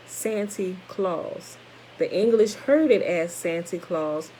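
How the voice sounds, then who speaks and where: Woman with a low, warm voice reading aloud, chatty side comments, trips over words now and then. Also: a little hiss or hum, low-quality recording. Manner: reads steadily, breaks off for informal comments to listeners; stumbles over words and corrects herself. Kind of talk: reading a text aloud with casual asides.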